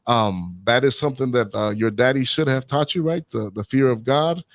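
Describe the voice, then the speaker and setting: A man's voice: mid-range voice, normal speed, no echo. A man hosts a talk show in a loose, rambling way, pressing his opinions and checking in with his listener. His voice is recorded dry and close, with almost no room sound. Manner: rambling, opinionated, tags lines with "right?" and "man". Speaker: host.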